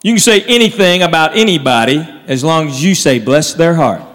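A man doing a stand-up comedy set, telling stories with animated delivery and quiet low asides. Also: a little fast. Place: stage in a large hall. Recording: live hall, faint crowd. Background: faint audience and room noise.

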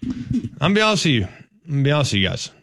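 A man's voice: on the high side, big pitch swings, rapid-fire, fairly bright tone, dry recording, studio quality. A man from Texas, a co-host on a sports talk show, making his points with emphasis and often repeating them. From Dallas-Fort Worth, Texas. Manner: emphatic, repeats points, laughs between lines. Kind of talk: sports talk radio chat.

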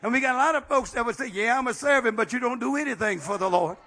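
High, bright-voiced fiery male preacher. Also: fast talker. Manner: fiery preaching, frequent amens, shouts; folksy, plain-spoken. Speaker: pastor. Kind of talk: sermon.

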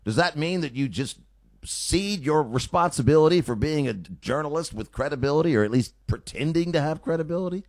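A man's voice: a little high, expressive, brisk, darkish tone, no room sound. A man hosting a radio talk show, delivering a sarcastic, opinionated monologue from a studio on a studio mic.

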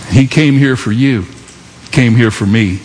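A man preaching with passion, pausing dramatically between phrases and pushing up for emphasis. His voice carries through a reverberant hall with a faint background hiss. The delivery is a full-voiced sermon. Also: medium pitch. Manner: impassioned preaching with long dramatic pauses. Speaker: pastor.

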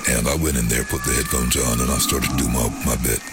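A middle-aged man, a voiceover artist, telling lively anecdotes in a chatty way and putting on voices for the people he quotes. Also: a bass voice, fast talker, heavy background noise. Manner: chatty, animated storyteller who breaks into quoted voices. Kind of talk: casual storytelling in an interview.

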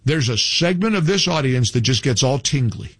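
Fired-up radio host guy, lively swoopy delivery, dry studio sound. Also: mid-range voice, moderate pace, breathy edge, no room sound. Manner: emphatic, repetitive, scornful. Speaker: radio talk show host. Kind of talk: opinionated talk radio monologue.

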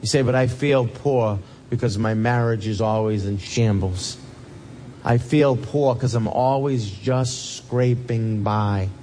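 A man's voice: medium pitch, slow pace, dark tone, slight background noise. A man pastor preaching an impassioned sermon, emphatic and repeating his key phrases.

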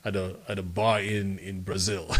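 A voiceover artist from Africa speaking as a radio interview guest, thoughtful and halting, with many repeated words. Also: male voice, low-pitched, level tone, a bit bright.

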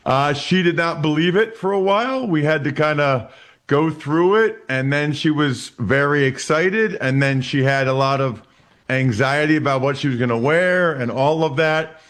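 A man in his forties from Pennsylvania, telling stories as a guest. His voice sits a bit high for a man. He is animated and keeps restarting his sentences with repeated words. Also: normal speed. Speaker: interview guest. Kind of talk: casual storytelling.

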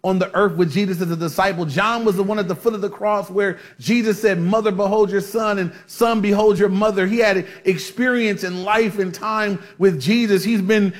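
High-voiced man preaching a sermon. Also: steady tone, normal speed, few pauses. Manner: conversational with many restarts and fillers; asks the congregation for amens. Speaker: pastor.

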